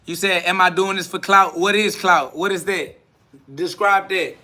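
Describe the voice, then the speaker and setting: A man's voice: sits high, steady tone, normal speed, pushed and bright. A man hosting a live stream, boasting and trash-talking in a preachy, repetitive way, answering viewers' comments.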